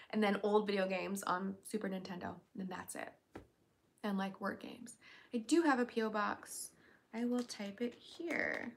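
A woman's voice: medium pitch, vocal fry, slight background noise. A young woman hosting a casual livestream, chatty and upbeat, reading viewers' questions aloud and answering them. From United States.

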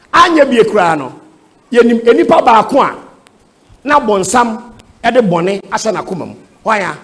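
A man with a Ghanaian accent teaching at a church seminar, emphatic and firing rhetorical questions at his listeners. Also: high voice. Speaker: preacher answering questions. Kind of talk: seminar teaching in Twi and English.

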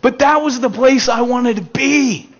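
A young American man preaching a casual storytelling sermon, animated, with loud excited bursts and quiet stretches. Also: extremely high pitch, unhurried. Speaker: pastor. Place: elementary school meeting room. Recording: dull lo-fi sermon recording.

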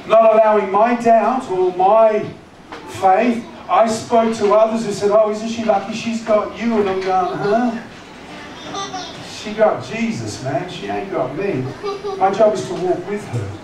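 A man's voice: sits high, measured pace. A man preaching a sermon as pastor, conversational and teasing, often asking the congregation questions. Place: church hall. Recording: echoey church hall, distant mic, noisy.

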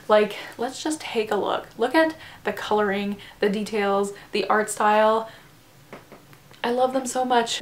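A woman's voice: medium pitch, a little hiss or hum. Gushing woman book vlogger, roomy sound. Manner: gushing, enthusiastic, lots of "like" and "oh my god". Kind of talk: casual vlog chat showing books. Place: home room with bookshelves.

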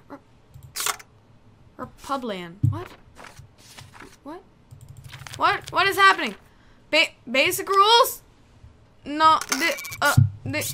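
A woman's voice: sits high, sharp tone, slight background noise. A young woman giving goofy, joking let's-play commentary and talking straight to her viewers. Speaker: gaming video creator.

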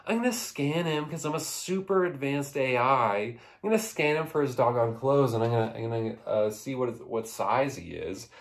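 A man's voice: mid-range voice, moderate pace, hardly any pauses, lightly acted. A man voicing a goofy, boastful male cyborg in a comedy recap. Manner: boastful, dopey. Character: muscular male cyborg bragging goofily.

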